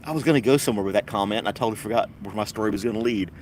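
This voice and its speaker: A man's voice: lowish voice, very fast, darkish tone, a little hiss or hum. Rambling man chatting by a road. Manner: rambling, wry, laughs at his own jokes. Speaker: podcast host. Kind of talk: casual chat.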